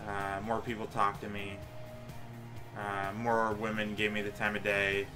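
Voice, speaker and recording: A man's voice: on the low side, completely flat delivery, a little slow. Subdued young man over background music. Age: 20s. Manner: subdued, earnest, hesitant. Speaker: vlogger recording a time capsule message. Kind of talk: earnest message to his future self. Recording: old video clip with music underneath.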